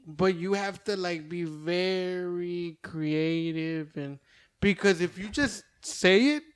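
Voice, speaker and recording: A man's voice: high voice, slow, smooth. A man, a stand-up comedian, in casual podcast chat, rambling with frequent swearing and stammered restarts.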